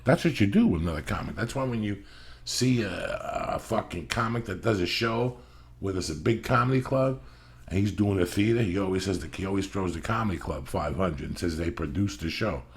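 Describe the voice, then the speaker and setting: Deep and husky, this middle-aged man's voice moves at a moderate pace. He's a podcast host telling wandering stories in a casual chat, full of constant swearing and emphatic insistence.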